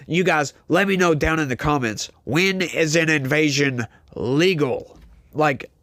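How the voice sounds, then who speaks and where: A man's voice: medium pitch, fairly bright tone, dry recording. A man hosting his own channel, giving casual opinionated commentary straight to his viewers, full of fillers and restarts, recorded on a close mic. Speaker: political commentary host. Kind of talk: casual political vlog commentary.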